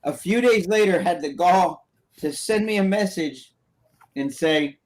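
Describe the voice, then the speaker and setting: Male podcast co-host, rambling animated storyteller, a touch high-pitched. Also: unhurried. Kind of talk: casual podcast chat.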